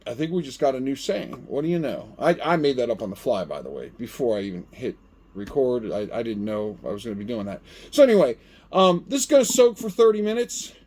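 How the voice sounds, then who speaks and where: A man's voice: mid-range voice, brisk. A middle-aged man hosting a gardening vlog, chatting casually and animatedly as he tests a gadget. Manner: chatty and animated, talks to himself while testing. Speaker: gardening channel host. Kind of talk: casual product-testing vlog.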